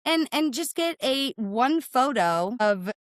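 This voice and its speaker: A woman explaining to a podcast host, brisk and emphatic, often tagging points with "right?". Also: high-pitched, expressive, no room sound. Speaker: cargo claims and risk manager, guest.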